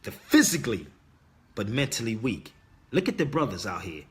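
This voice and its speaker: At a moderate pace, a middle-aged livestream host with a sing-song, medium-pitched voice preaches casually to his viewers. He addresses them head-on, insistent and emphatic, repeating key words in sermon fashion.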